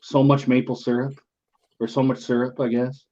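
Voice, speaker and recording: A man joining a casual live stream chat as a guest, talking hesitantly and trailing off quietly. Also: mid-range voice, flat delivery, normal speed, dull audio.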